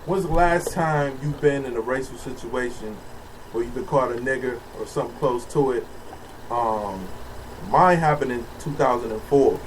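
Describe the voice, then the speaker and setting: A podcast co-host with a mid-range voice tells a story at a moderate pace, casual and animated, laughing often. He's recorded on a distant mic with faint background noise.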